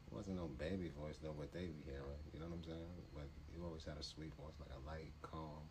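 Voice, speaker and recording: A man's voice: extremely low pitch, steady tone, fast, background noise. A man in casual chat with his partner, laid-back and teasing, speaking in slang. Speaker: co-host, partner.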